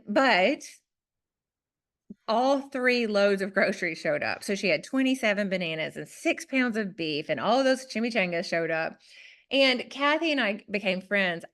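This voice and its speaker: A podcast interview features a guest author, a woman with a Southern US accent and a mid-range voice. She relates a personal story in a lively, self-deprecating manner.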